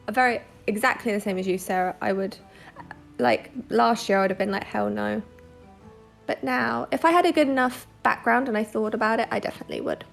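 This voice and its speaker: Chatty woman with a gravelly edge. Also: medium pitch. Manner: candid, chatty. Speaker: podcast guest. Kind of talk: casual podcast chat.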